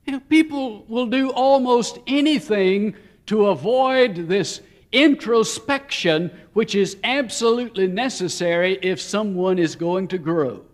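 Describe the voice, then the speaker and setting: A man preaching a sermon, telling stories and shifting between slow, weighty phrases and quick asides. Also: high-pitched.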